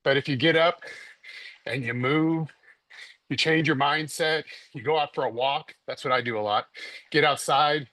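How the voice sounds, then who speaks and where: A man's voice: a little high, normal speed, pushed and bright, no echo. A man on a group video call, out of breath from walking on a treadmill while he talks. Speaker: coaching call participant.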